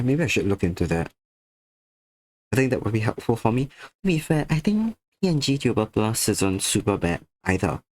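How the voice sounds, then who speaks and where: Recorded dry, a man speaks in a lowish, somewhat mellow voice. He's a tired streamer, slightly sick and sleepy with a faint slur, making casual conversation with viewers as he draws.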